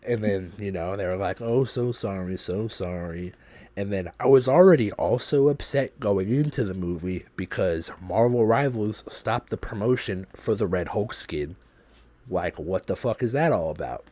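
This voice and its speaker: A man hosting a podcast, telling a story in a loose, profane, animated way. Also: on the low side, moderate pace, no echo. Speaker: podcast host.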